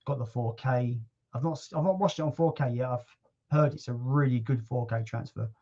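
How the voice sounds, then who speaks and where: A man hosting a casual livestream chat, relaxed and chatty, with casual swearing. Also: mid-range voice, normal speed, dull audio. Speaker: livestream host.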